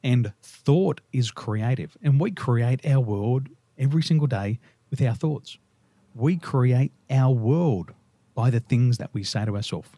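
An Australian man, a guest on an interview, telling lively stories and laughing through them. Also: mid-range voice, unhurried, no echo. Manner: animated, laughs through his own stories. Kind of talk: casual storytelling interview.

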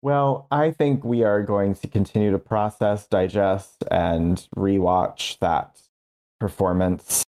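A man co-hosting a podcast in casual chat, delivering wry, deadpan punchlines. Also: on the low side, slow pace. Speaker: podcast co-host.

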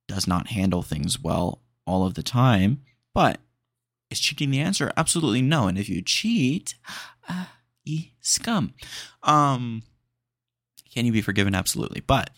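A man with a low, gravelly voice chats casually as a podcast host, rambling with excited enthusiasm and tossing in "dude" every few lines. The sound is close and dry, with no room around it. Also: no echo. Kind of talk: casual chat.

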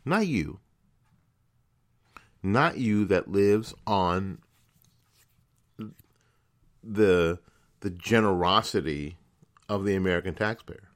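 Indignant low-voiced male commentator. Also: lively intonation, slow, long pauses. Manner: indignant, emphatic, with rhetorical questions and repeated words. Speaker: podcast host. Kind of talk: political commentary monologue.

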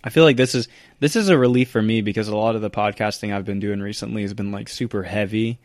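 A man's voice: on the low side, fairly even intonation, fast talker, no echo, clean studio sound. A young man co-hosting a casual podcast, joking, rambling and fond of puns. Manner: joking, pun-loving, rambling. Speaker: podcast co-host.

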